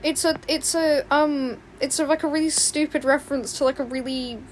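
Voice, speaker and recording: A young woman chatting on a livestream while she draws, excitable and rambling, often squealing and laughing. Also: high-pitched, moderate pace, slight background noise. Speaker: livestreaming artist. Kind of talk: casual stream chat while drawing. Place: home room with open window.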